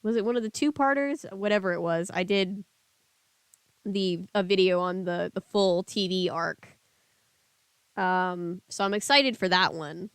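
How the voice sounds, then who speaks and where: A woman's voice: mid-range voice, unhurried, smooth, no room sound. A woman streamer reading a book aloud and chatting casually with her live chat.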